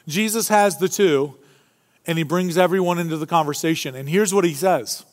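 Man, pastor, lively sermon, high voice, long church reverb. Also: normal speed. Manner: animated, acts out quoted voices. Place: church sanctuary.

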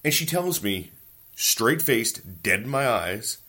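A man's voice: medium pitch, slow pace. A man in his forties hosting a podcast, talking in a casual, profane, ranting monologue and telling stories from home. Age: 40s. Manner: profane, ranting, animated storytelling. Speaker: podcast host.

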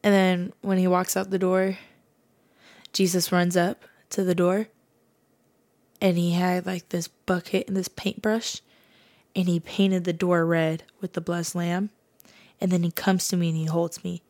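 A woman's voice: fairly low pitch, level tone, unhurried, long pauses, a little mellow. A woman hosting a podcast, sharing a personal faith testimony in a casual, earnest way, often saying "like". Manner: casual, earnest, fills speech with "like". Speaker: podcast host.

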